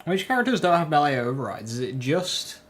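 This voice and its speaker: A man's voice: a little high, big pitch swings, brisk, fairly bright tone, faint music behind. A man giving casual, wry commentary while playing a video game, thinking aloud. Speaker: gaming video host.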